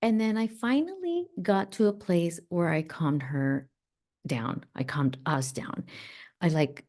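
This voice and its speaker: A woman's voice: fairly low pitch, takes it slowly. Middle-aged woman telling a personal story. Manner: animated, reflective, acts out voices. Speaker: podcast host.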